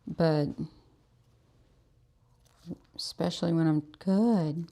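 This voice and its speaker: A woman's voice: fairly low pitch, takes it slowly, long pauses, dark tone. A woman dog groomer explaining her technique while coaxing and praising the dog she is working on in a grooming salon. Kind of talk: instructional grooming demo.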